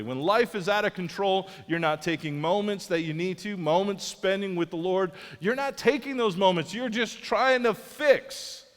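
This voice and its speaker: Earnest high-voiced male pastor preaching. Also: a bit bright, in a large hall. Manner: earnest, conversational, with frequent restarts. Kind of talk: sermon. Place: large church auditorium.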